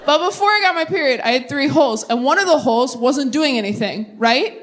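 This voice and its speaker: A young woman doing a stand-up set with crowd work, chatty and animated, drifting into tangents and catching herself. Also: high-pitched, brisk, slight background noise. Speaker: stand-up comedian. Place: comedy stage before a live audience. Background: audience laughter.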